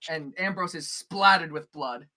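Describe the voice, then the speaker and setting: A woman's voice: low-pitched, unhurried, pushed and bright. A woman narrating as game master, rambling with many fillers and restarts.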